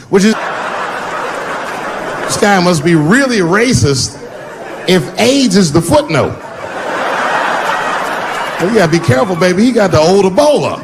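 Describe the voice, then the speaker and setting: A man's voice: sits high, animated, a little slow, pauses often. A middle-aged man doing a stand-up comedy set in a large theater, brash and profane, stretching out his punchlines and slipping into playful voice shifts. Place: large theater with live audience. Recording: live crowd laughter, background noise. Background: audience laughter and room noise.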